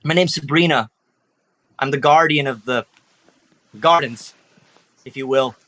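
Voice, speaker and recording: A man's voice: medium pitch, unhurried, fairly bright tone, close to an everyday voice. A man voicing a timid young female siren who guards a garden, pleading and apologetic.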